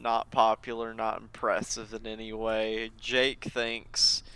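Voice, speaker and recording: A woman co-hosting a podcast, talking slowly and casually about a cartoon episode, often stammering and repeating her words. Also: extremely low pitch, flat delivery, a bit bright, clear, resonant tone. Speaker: podcast co-host.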